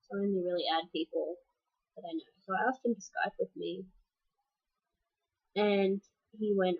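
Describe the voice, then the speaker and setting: A woman's voice: medium pitch, steady tone, normal speed, pauses often, husky, phone-quality sound. A young woman talking frankly to the camera in a personal vlog update, with fillers and restarts. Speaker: vlogger.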